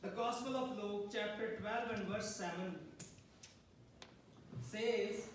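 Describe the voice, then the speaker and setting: Recorded from afar in an echoey church hall, a male pastor speaking English as a second language preaches to his congregation, repeatedly asking "Amen?" He speaks slowly in a high voice, and a little hiss or hum can be heard.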